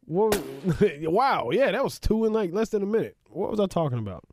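A man's voice: sits high, moderate pace, a little hiss or hum. A man hosting a sports podcast, talking casually with lots of laughs and asides. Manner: animated, laughs often, rambling asides.

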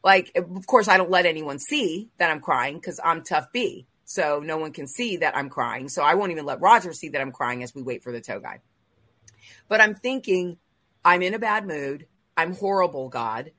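Low husky woman telling a story. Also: moderate pace, no echo. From Los Angeles area. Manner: emotional, animated retelling with quoted asides. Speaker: host of a faith talk show. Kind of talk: casual storytelling in a group chat.

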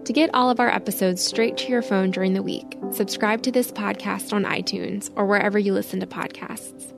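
A woman's voice: medium pitch, steady tone, fairly quick, creaky, music in the background. A woman hosting a devotional podcast, speaking friendly, direct words to listeners in a scripted outro. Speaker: podcast host.

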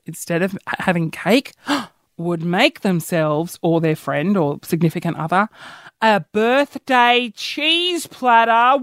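A woman's voice: lowish voice, clean tone, no room sound, studio quality. A young woman hosting a solo podcast, chatting casually and rambling from one giggly tangent to the next. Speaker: podcast host.

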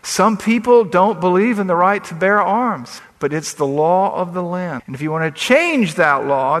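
A man's voice: high-pitched, fairly bright tone. A man preaching a sermon as pastor, emphatic and building up as he reads scripture aloud. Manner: emphatic, rising into scripture readings. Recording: long reverb of a large hall.

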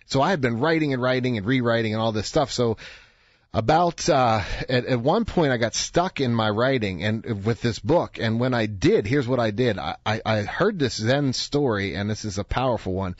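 A man in a radio studio, talking to his listeners in a relaxed, chatty way. His voice sits mid-range and the sound is dry and a little muffled, with no room around it. He acts out the people in his stories as he tells them. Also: mid-range voice, moderate pace, no room sound. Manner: conversational storytelling, acts out quoted voices. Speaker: radio talk show host. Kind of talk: radio talk monologue.

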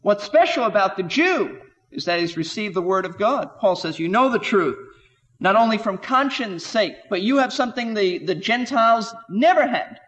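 Emphatic high-voiced male Bible teacher. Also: a bit bright, in a large hall. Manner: emphatic, rhetorical questions, quotes scripture with rising voice.

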